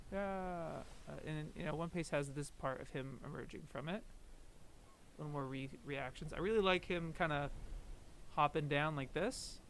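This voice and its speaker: Young male streamer, high voice with gravel, loose rambling commentary. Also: moderate pace, a bit bright, slight background noise. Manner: rambling, laughs often, briefly mimics characters. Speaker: streamer comparing anime episodes. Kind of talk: casual commentary.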